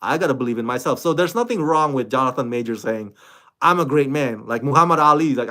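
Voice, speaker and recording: A YouTube reaction host speaks casually to camera on his own channel, loose and animated, full of fillers and restarts. He has a mid-range voice and talks fast.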